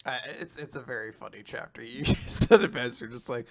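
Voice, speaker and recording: A man's voice: on the high side, lively intonation, normal speed, hardly any pauses, a crowd in the background. A man co-hosting a podcast, recapping in casual chat, laughing often and swearing as he quotes scenes. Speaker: podcast co-host.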